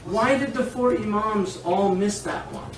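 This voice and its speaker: Guy with a high voice giving a loose lively lecture, recorded far off in a roomy hall. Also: unhurried. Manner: animated, digressive, laughs often. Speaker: teacher of Islamic law. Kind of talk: informal classroom lecture. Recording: echoey room, distant mic, faint hiss.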